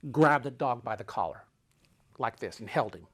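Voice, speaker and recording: At a moderate pace, a man expressively narrates a trip he took, leaning on drama and repetition. Loud, urgent stretches give way to soft, low asides and back again.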